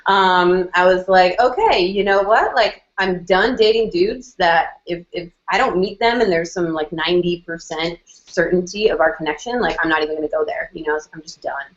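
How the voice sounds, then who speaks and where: A woman's voice: lowish voice, moderate pace, muffled recording. Chatty woman on a roomy video call. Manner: chatty, lots of "like" and "um", acts out quoted lines. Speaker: guest telling her story. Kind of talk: casual storytelling on a video call.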